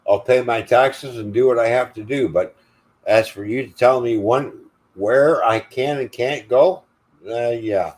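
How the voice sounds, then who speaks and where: A man's voice: mid-range voice, a little slow, a little mellow. An older man hosting a livestream, delivering an angry, profane, defiant rant. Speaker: livestream host.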